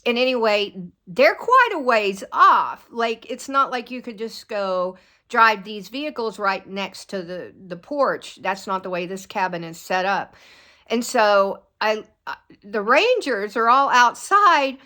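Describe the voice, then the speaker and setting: A woman telling a long personal story to her viewers in a rambling, animated way. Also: mid-range voice, unhurried. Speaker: vlogger. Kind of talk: casual storytelling to camera.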